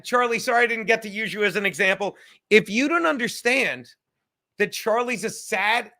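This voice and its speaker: A man hosting a livestream podcast, rambling loudly and swearing as he reads chat comments. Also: sits high, gravelly. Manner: loud, rambling, profane, reading chat comments aloud. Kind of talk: casual chat.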